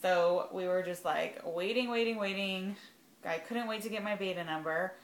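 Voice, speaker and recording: A woman's voice: mid-range voice, normal speed, reverberant. A young adult woman talking casually in a rambling vlog, full of "like" and "um". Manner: chatty, rambling, lots of "like" and "um". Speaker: vlogger sharing fertility journey.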